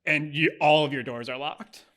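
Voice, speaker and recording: A man's voice: a little high, fairly even intonation, moderate pace, a bit bright. A man narrating as game master of a tabletop game, describing scenes with many fillers.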